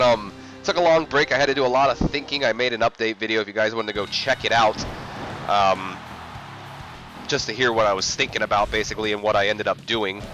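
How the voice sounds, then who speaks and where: A man's voice: fairly low pitch, pushed and bright. A man giving casual video game commentary as a let's play host, rambling and self-mocking with many fillers.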